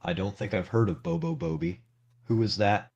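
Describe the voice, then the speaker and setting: A man's voice: deep voice, moderate pace, darkish tone, breathy edge, dull audio. A man answering in a literal, puzzled, politely questioning manner, as a character in a game chat.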